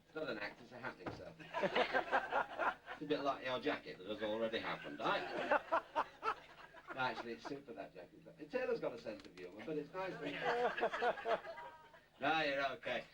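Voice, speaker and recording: A man doing stand-up comedy at a party, joking with and teasing the audience. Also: on the high side. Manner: jokey, chatty, teasing the audience. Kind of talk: stand-up comedy with crowd work. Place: hotel party room with audience. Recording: distant mic, loud background noise.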